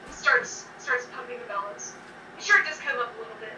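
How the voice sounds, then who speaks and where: A woman's voice: fairly high pitch, fairly quick. A woman narrating as game master of a tabletop game, loose and hesitant, with many restarts. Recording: echoey room, far from mic, background noise.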